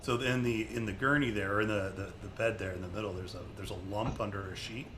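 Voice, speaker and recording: A man's voice: on the low side, steady tone, fast talker, fairly bright tone. A man playing in a tabletop game, chatting casually and stumbling over his words. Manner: casual, hesitant, repeats words. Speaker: player.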